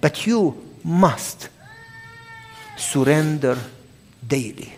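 Drawing out his words, a man in his sixties preaches in a voice that is a little high, telling stories in his sermon. He animatedly and loudly plays both sides of each dialogue, heard through a long hall reverb.

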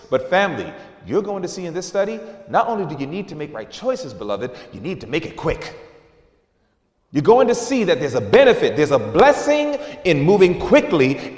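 Animated preacher in an echoey hall. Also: male voice. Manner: animated, drops to a low hush for emphasis. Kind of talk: sermon. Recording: echoey hall, mic at a distance.

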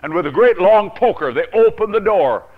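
Theatrical preacher with a lively voice. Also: male voice, high-pitched, moderate pace, narrow, tinny audio. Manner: theatrical, swings from loud to hushed, chuckling. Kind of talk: dramatic sermon storytelling to children.

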